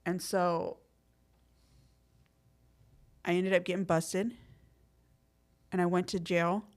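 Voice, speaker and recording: A middle-aged woman, appearing as a podcast guest, tells her story in casual, streetwise slang packed with fillers. Her voice is fairly low and slow, and she gets lively when acting out quotes.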